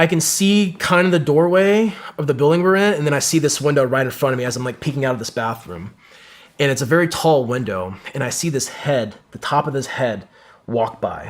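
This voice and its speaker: A man telling an intense combat story as a podcast guest, swearing often and acting out what his teammates said. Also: medium pitch. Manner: intense, profane, storytelling with quoted dialogue.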